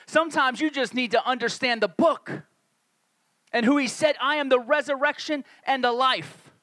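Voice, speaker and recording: High, bright-voiced preaching man. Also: no echo. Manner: conversational preaching, acts out quoted voices. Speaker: pastor. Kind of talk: sermon.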